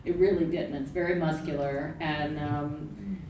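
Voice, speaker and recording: A woman from New Orleans telling stories on a theater panel, animated and laughing. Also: low voice, measured pace. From New Orleans, US South. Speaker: actor on a panel. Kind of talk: casual panel talk. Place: theater stage. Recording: echoey theater, distant mic, noisy.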